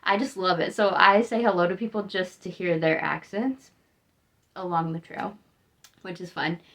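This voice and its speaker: Young american woman rambling on her vlog, kinda tired, lowish voice, lots of "like". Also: fairly even intonation, moderate pace, a bit bright. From United States. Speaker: vlogger. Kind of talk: casual chatty vlog.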